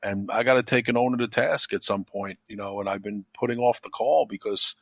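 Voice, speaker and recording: A man's voice: lowish voice, steady tone, a little fast, vocal fry, fairly bright tone, no room sound. A man talking as a podcast guest in a rambling, repetitive way, with lots of "you know.". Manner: rambling, repeats himself, frequent "you know". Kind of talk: casual conversation.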